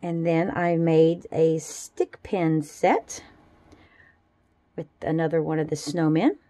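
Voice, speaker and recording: Soft-toned woman chatting about crafts. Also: low voice, slow, no room sound. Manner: chatty, relaxed, fond little asides. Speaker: jewelry-making vlogger. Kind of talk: casual show-and-tell.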